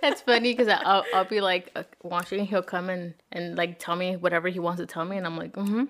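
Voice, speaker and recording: A woman's voice: fairly low pitch, steady tone, a little fast, a bit bright. A woman talking in a casual chat, chatty and full of "like", often breaking into laughter.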